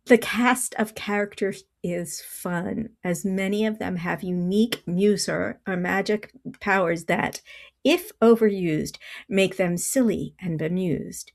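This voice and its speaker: Middle-aged woman, book reviewer, gravelly edge in a mid-pitched voice, earnest and measured. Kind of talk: scripted book review vlog.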